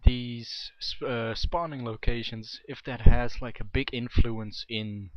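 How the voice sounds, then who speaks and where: A man's voice: medium pitch, steady tone, slow pace, no echo. A young man casting a video game match in a chatty, rambling way, often correcting himself. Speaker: game commentator. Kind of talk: amateur esports commentary. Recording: dull, dry home mic.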